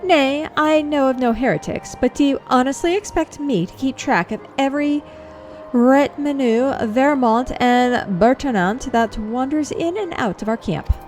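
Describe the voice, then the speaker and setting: A woman's voice: high voice, unhurried, darkish tone, soft background music, voice pushed up. A woman voicing an irritated male knight in a fantasy game, with a made-up odd accent. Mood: indignant. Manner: put-on odd accent, indignant.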